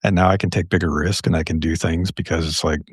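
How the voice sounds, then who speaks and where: A middle-aged man talking in a relaxed podcast chat, reflective and fond of telling anecdotes. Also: sits low, fast, breathy edge, no room sound, studio quality. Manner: reflective, tells anecdotes and quotes others. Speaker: podcast guest. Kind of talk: casual conversation.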